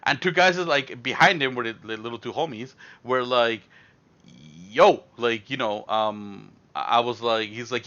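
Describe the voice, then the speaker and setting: A man's voice: mid-range voice, moderate pace, pushed and bright, dull audio. A young man telling a rambling story on a live stream, with lots of fillers and acted-out quotes.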